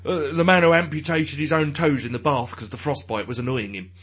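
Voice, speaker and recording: A man's voice: a little high, fairly even intonation, brisk, a bit bright, breathy edge. A man, chatting casually as a podcast co-host, rambling and swearing and laughing often. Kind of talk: casual banter.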